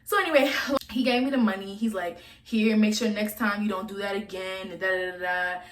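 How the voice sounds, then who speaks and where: Woman, 20s, vlogger: frank, profane storytelling, echoey room. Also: medium pitch. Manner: blunt, profane, chatty storytelling. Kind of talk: casual storytime monologue.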